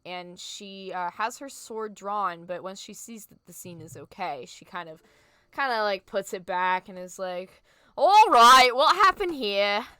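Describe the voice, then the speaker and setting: Bright-voiced woman game master. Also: on the low side, measured pace, clear, resonant tone, dry recording. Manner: descriptive, filler-heavy, laughs easily. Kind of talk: narrating a tabletop game.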